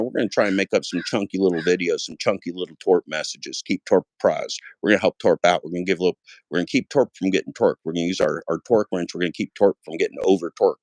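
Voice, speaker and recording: A man in his fifties hosting a livestream, talking in a rambling, profane way, repeating phrases and swinging loud and high when worked up. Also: no echo. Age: 50s. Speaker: livestream host. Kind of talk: casual livestream monologue.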